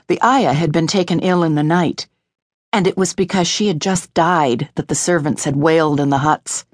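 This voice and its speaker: Low-voiced woman narrating a classic novel. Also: no echo, studio quality. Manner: measured, expressive storytelling. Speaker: audiobook narrator. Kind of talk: scripted audiobook narration.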